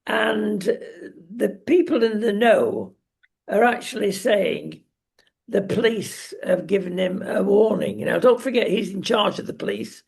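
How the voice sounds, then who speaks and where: Gravelly, husky, slow man. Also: high-pitched, darkish tone. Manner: slow, emphatic, sardonic, with frequent ums. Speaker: political commentary show co-host. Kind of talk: opinionated casual commentary.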